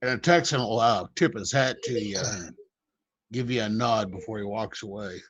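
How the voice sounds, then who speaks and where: A man from the United States in casual chat, halting and self-mocking. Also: on the low side, a bit bright, muffled recording, a little hiss or hum.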